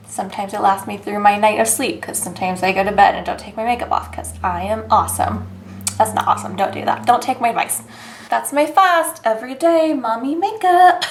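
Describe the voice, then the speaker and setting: A woman's voice: on the high side, slight background noise. A woman in her thirties chatting through her makeup routine, giggly, chatty and self-mocking, recorded distant from the mic with a roomy echo. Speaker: beauty vlogger. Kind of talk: casual makeup tutorial chat.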